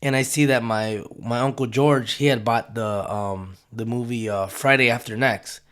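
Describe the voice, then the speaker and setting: A man's voice: mid-range voice, fairly even intonation, moderate pace, a bit bright. A young man telling a rambling, profane story in a casual way, slipping into Spanish phrases.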